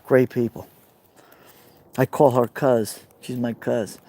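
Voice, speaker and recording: A man's voice: mid-range voice, little pitch movement, takes it slowly, mellow. A man with a Brooklyn accent, live streaming outdoors by a fire pit, rambling casually and answering viewer comments. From New York.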